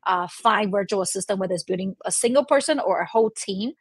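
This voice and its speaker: A woman's voice: medium pitch, fast talker, husky, dry recording. Chatty woman with a dry close sound. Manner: chatty, many "you know" and "right?", laughs often. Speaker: guest, delegation expert. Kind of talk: conversational interview.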